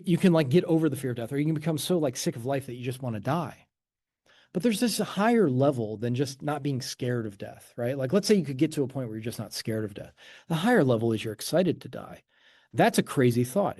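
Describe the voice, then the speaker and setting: A man's voice: medium pitch, warm tone, dry recording, studio quality. A man leading an informal talk on a self-help method for an online audience, loose and conversational, with frequent asides and chuckles. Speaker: host and teacher of a letting-go method.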